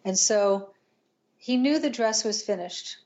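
An older woman, a podcast guest, tells a painful personal story in an earnest, halting way, with restarts and pauses. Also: mid-range voice, a little mellow, highs cut off.

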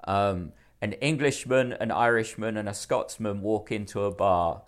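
A man's voice: on the low side, a little slow. A man co-hosting a podcast, chatting casually and chiming in with brief, jokey reactions. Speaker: podcast co-host. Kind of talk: casual chat.

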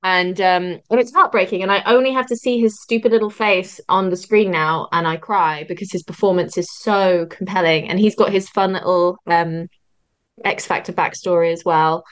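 A woman chatting casually as a podcast guest. She gushes with excitement, her words tumbling out eagerly. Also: fairly low pitch, moderate pace, smooth. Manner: gushing, excitable. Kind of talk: casual roundtable chat.

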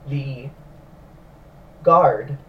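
A man's voice: mid-range voice, very slow, lo-fi sound. A young man hosting a casual podcast, reading stories aloud with wry asides. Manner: wry, reads stories aloud between jokes. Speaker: host reading news stories. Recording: roomy, distant mic, faint noise.

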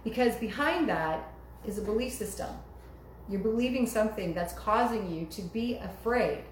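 A woman's voice: mid-range voice, expressive, moderate pace. A woman preaching a sermon in an emphatic manner, her voice rising sharply when she quotes cries to God. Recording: echoey room with faint noise.

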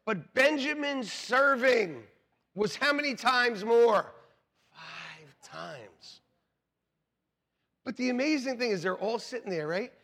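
In a church sanctuary, a very high-pitched male pastor preaches slowly and pauses often. His animated storytelling includes acted-out voices and jokes with the congregation.

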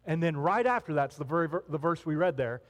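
High, lively-voiced male preacher. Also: fast, in a large hall. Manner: animated, acts out voices of people in the story. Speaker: pastor. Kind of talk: sermon. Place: hall with an audience.

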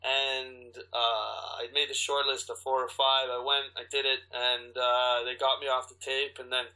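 A man's voice: medium pitch, level tone, unhurried, bright, forceful tone, rough recording. A man from Canada, an actor and guest, telling a rambling, profane story full of restarts. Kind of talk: animated storytelling.

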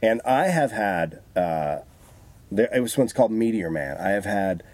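A man in casual chat, telling profane, animated stories about his past work. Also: on the low side, moderate pace, dry recording. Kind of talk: casual storytelling.

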